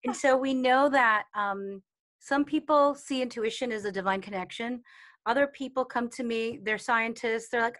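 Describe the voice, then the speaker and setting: High-voiced woman leading a calm group call. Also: moderate pace. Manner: chatty, with many fillers and acted-out quotes. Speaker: meditation and intuition teacher. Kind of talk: casual talk in a live online session.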